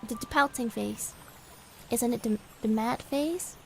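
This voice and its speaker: A woman's voice: a little high, a little slow, vocal fry, darkish tone, faint music behind. A woman streaming live and chatting casually with her viewers in a giggly, bubbly way. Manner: giggly, bubbly, reacting aloud to chat. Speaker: VTuber streamer.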